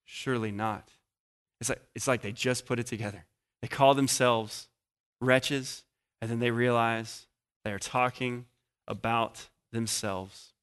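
A man preaching a sermon, swinging from loud emphasis to hushed pauses and sometimes searching aloud for passages. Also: medium pitch, fairly even intonation, clean tone. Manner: searching aloud with restarts while finding passages.

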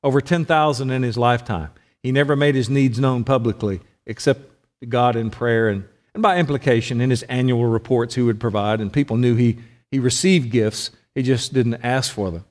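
A man's voice: medium pitch, normal speed, big-room sound. A middle-aged man giving a conversational sermon, often putting questions to his listeners. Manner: conversational, asks the audience questions. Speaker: preacher.

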